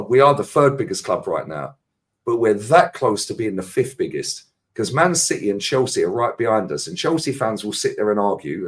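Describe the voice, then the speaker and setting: As a panelist on a casual chat show, a man with a London accent rants about football in long, fast-flowing, sweary tangents. His voice is lowish and slightly rough.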